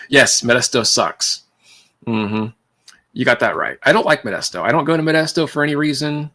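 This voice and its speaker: Rambling from thought to thought on his casual livestream, a Californian man speaks in a mid-range, sing-song voice that's pushed and bright, at a moderate pace. He laughs frequently and calls his viewers "man" and "dude."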